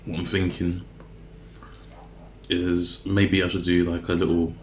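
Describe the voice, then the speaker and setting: A deep-voiced man talks to the camera at a measured pace and in a monotone while he eats, his vlog chat rambling and full of mid-sentence self-corrections. The room is echoey, with slight background noise.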